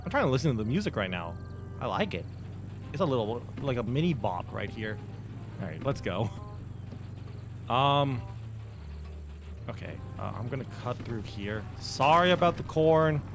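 Joking young man with lively pitch. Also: normal speed, creaky, long pauses, music in the background. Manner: joking, rambling, filler-heavy. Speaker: gaming video host. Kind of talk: casual gameplay commentary.

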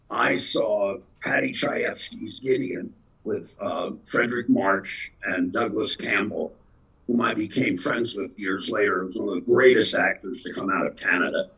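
Poor audio captures a gravelly, very raspy man in his eighties, a longtime actor from the Philadelphia area, USA. His voice is lowish and a bit bright as he spins rambling anecdotes during a casual storytelling interview.

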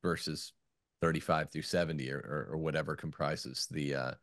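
A man on a podcast, a former teacher, talking in an animated storytelling way with some stammers. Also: extremely low pitch, normal speed, no echo, clean studio sound. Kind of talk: casual podcast discussion.

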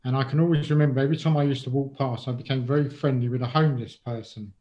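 A man's voice: mid-range voice, fairly even intonation, very fast, mellow, low-quality recording. A middle-aged man from England, a guest in an interview, speaking casually and hesitantly, with many ums and restarts.

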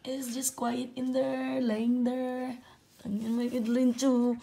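A woman vlogging at home with a hoarse voice, baby-talking and cooing to her dog and cat. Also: sits high, little pitch movement, slow, warm tone. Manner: coos and baby-talks to her pets. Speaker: vlogger filming her pets. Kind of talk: casual pet-talk vlog. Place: at home indoors.

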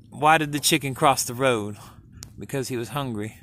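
A man's voice: medium pitch, normal speed, fairly bright tone, slight background noise. A man talking to his cats outdoors in a casual vlog, cooing and baby-talking with playful jokes. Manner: coos and baby-talks to pets, playful jokes. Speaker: vlogger. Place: outdoors by a road and grass.

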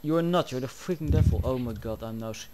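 A man's voice: medium pitch, brisk, background noise. A man giving frantic let's-play commentary, panicking and swearing often. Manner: panicky, swearing, frequent exclamations. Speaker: gameplay commentator.

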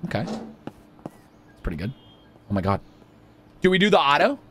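A man hosting a casual let's-play video, excitable and jokey, chatting to the game's characters as he plays. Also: a little high, moderate pace, slight background noise. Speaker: gaming video host.

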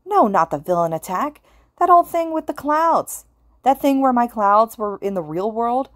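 A woman voicing an agitated, sharp-tongued teenage boy ghost in a spoken fan story. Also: mid-range voice, animated, normal speed, no room sound, studio quality, voice pushed up, lightly acted. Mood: frantic. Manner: snappish, frantic.

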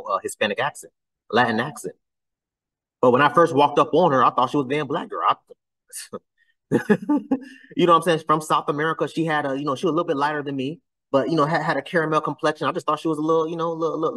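A man hosting a casual reaction commentary, blunt and exasperated. His voice sits at an ordinary middle pitch but climbs high when he turns incredulous. He is recorded a little distant from the mic. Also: a bit bright. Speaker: commentary channel host.

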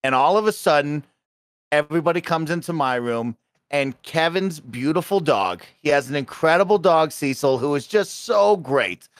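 Brief: high-pitched man, dramatic podcast storyteller, dry studio sound. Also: expressive, normal speed, no room sound. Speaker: podcast regular. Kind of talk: animated storytelling.

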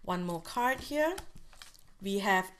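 A woman talks her viewers through a tarot reading and an emotional release technique. Her delivery is gentle and reassuring, with plenty of fillers and restarts as she thinks aloud. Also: medium pitch, lively intonation, slow, clear, resonant tone. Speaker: tarot reader. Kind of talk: spiritual guidance talk.

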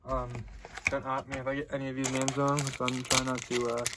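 A young man hosting a casual card-opening video, chatting loosely and getting excited at good pulls. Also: medium pitch, fairly quick, very noisy. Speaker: card-opening channel host.

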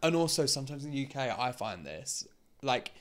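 A man's voice: medium pitch, fairly quick. Man, from the UK, podcast co-host, laid-back anecdotes, casual talk. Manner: relaxed anecdotes with acted-out quotes. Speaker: podcast co-host, drag performer.

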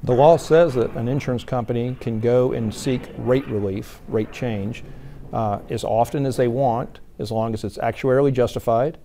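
A man speaks in a dark, mellow tone with a gravelly edge. He answers interview questions earnestly, often repeating words as he starts a thought. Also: mid-range voice. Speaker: insurance commissioner-elect.

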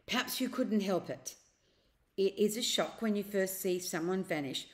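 A woman reading a storybook aloud and voicing a scheming elderly uncle who speaks in a slow, coaxing, secretive way. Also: mid-range voice, natural voice. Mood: sly.

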